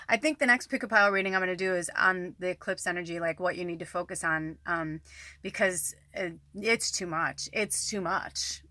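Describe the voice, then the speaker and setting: Bright-voiced woman, rambling candid monologue. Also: on the low side, brisk, dry recording. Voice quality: frequent swearing, rambling and emphatic. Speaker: psychic medium and channel host. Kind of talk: candid casual monologue to camera. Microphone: camera close to the face.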